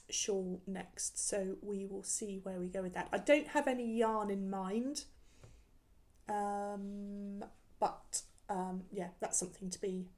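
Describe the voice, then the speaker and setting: Chatty woman, mellow voice. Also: medium pitch. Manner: chatty, rambling with many ums and restarts. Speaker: knitting podcast host. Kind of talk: casual chat about knitting projects. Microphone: camera recording, showing work.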